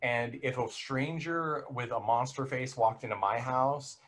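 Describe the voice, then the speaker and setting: A man's voice: mid-range voice, a bit bright. Rambling, laughing man in casual chat. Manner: rambling, self-interrupting, quick to laugh.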